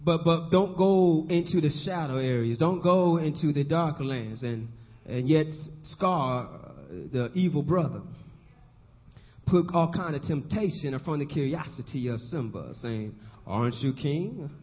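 A man with a high voice preaches with a rolling rhythm, repeating himself and climbing to shouts. The sound is dull and lo-fi, carried by a long church-hall reverb. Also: measured pace. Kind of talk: call-and-response sermon.

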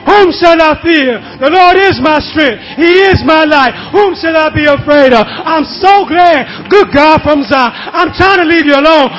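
A male preacher, shouting a gospel sermon with call-and-response and drawn-out exclamations. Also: extremely high pitch, rough recording. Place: church. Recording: church recording with music and congregation.

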